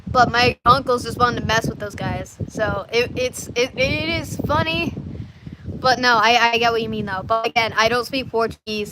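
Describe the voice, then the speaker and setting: A woman's voice: a little high, noisy background. A woman chatting casually to her live audience, rambling through stories with frequent restarts and asides. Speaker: livestreamer.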